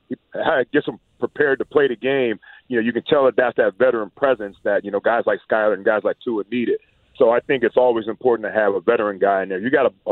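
Former player turned radio analyst, brisk and loose, tinny phone-line sound, dry. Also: male voice, medium pitch, no room sound. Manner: easygoing, repeats "man" and "you know". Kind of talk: casual sports chat.

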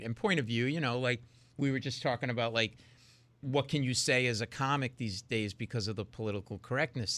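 A man's voice: mid-range voice, no echo. A man, a comedian guest telling stories in a casual radio chat and acting out other people's voices. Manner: animated storyteller, acts out voices of others. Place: lives in New York City.

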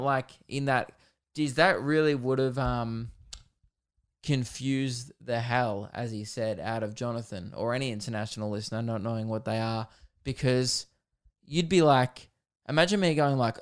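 Smooth-voiced Australian man podcasting. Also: mid-range voice, unhurried. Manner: rambling and jokey, with lots of fillers. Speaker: podcast host. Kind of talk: casual solo podcast chat.

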